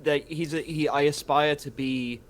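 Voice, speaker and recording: A man talking as a guest on a live stream, casual and hesitant, often pausing with "um" and restarting his sentences. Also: on the high side, fairly even intonation, a crowd in the background. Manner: hesitant, full of ums and restarts. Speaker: guest reader.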